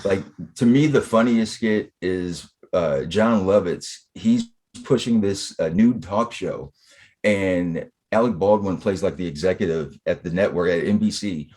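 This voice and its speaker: A man's voice: low-pitched, measured pace, a little mellow. A man co-hosting a casual podcast, recapping old TV in a laid-back way, with many fillers. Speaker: podcast co-host. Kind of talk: casual chat.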